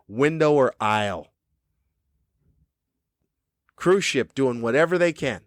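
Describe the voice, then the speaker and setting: A man's voice: medium pitch, lively intonation, slow pace, long pauses, no echo, studio quality. A man hosting his own podcast, a cranky comedian ranting angrily and swearing often. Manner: angry, profane, cranky. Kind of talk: ranting monologue. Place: cruise ship room.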